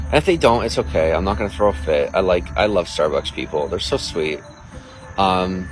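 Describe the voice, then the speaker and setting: A man's voice: low-pitched, low-quality recording. A man livestreaming, chatting casually with viewers and reading out their comments in a crude, boastful, rambling way.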